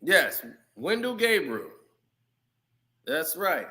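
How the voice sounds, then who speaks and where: A man giving casual, animated sports commentary on his channel, laughing often. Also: a little high, drawn-out words. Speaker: YouTube commentator.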